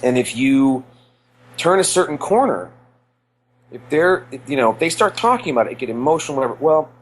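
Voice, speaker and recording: A man's voice: medium pitch, expressive, brisk, a little hiss or hum, rough recording. A middle-aged man co-hosting a podcast, telling earnest stories in a rambling way with many restarts. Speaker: podcast co-host. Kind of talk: casual nostalgic chat.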